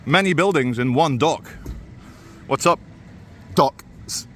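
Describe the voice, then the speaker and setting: A man's voice: a little high, slow, fairly bright tone, slight background noise. Sardonic man rambling on a walk. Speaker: vlogger. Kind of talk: walking vlog commentary. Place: outdoors by a waterfront.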